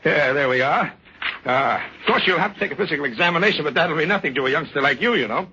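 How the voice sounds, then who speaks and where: A man's voice: a little high, expressive, background noise. An actor playing a pushy, wheedling insurance salesman in 1940s radio drama style, in a dull vintage radio recording. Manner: fast-talking, wheedling, stammering. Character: pushy fast-talking male insurance salesman.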